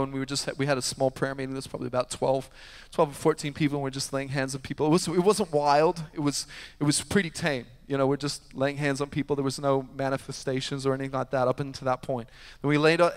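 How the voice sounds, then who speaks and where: A fairly high-voiced man preaches to his congregation, swinging from loud, emphatic peaks to hushed, almost whispered asides as he tells his story. His voice rings through a large church hall with a long, lingering reverb. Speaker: pastor. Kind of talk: sermon. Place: church sanctuary.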